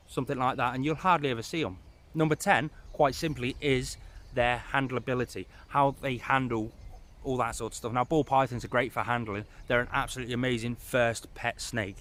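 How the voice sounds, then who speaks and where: A man's voice: mid-range voice, a bit bright. Chatty man outdoors. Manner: rambling, loses his place, chatty asides. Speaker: reptile keeper giving pet advice. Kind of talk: casual advice vlog. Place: outdoors in the rain.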